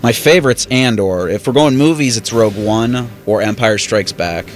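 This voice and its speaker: A man's voice: fairly low pitch, normal speed. A man in casual chat, eagerly explaining a series in a rush of words. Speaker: show regular, film fan.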